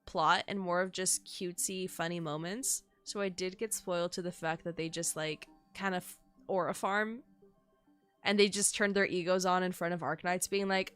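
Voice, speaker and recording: A young woman streaming a game, chatting casually and excitably with her viewers and swearing freely. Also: lowish voice, moderate pace, smooth, soft background music. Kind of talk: casual live-stream commentary.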